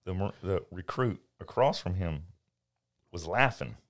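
A middle-aged man in casual chat, telling stories in an animated way and laughing often. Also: sits low, unhurried.

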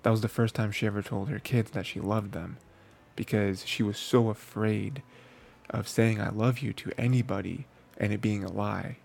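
A man's voice: lowish voice, fairly even intonation, moderate pace, gravelly, darkish tone. A man hosting an anime review show, talking casually with lots of fillers and restarts. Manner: rambling, filler-heavy, frequent restarts.

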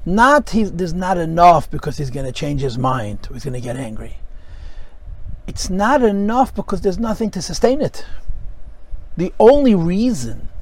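A man's voice: sits high, darkish tone, low-quality recording. A man teaching a Chassidic discourse class, explaining texts with rhetorical questions and many Hebrew terms. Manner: explanatory, mixes Hebrew and Yiddish terms with English. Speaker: Torah teacher.

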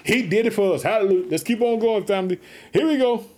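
A man's voice: high-pitched, fast, a little mellow. A man preaching on his podcast, fired up and calling out hallelujah between Bible readings. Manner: fired-up, exclaims hallelujah often.

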